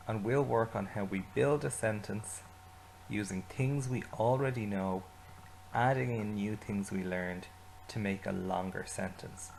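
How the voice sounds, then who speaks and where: A man teaching an Irish language lesson, saying phrases slowly and asking learners to repeat them. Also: on the low side, creaky, darkish tone, a little hiss or hum, poor audio. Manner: slow repetition, leading learners to say phrases with him.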